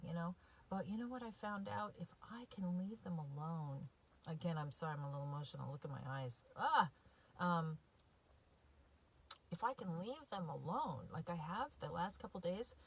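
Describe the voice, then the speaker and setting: A woman's voice: fairly low pitch, slightly rough. A woman recovery coach talking casually and from the heart to her viewers, with many fillers and frequent "right?" asides. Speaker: recovery coach and podcast host. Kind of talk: casual direct-to-viewer talk.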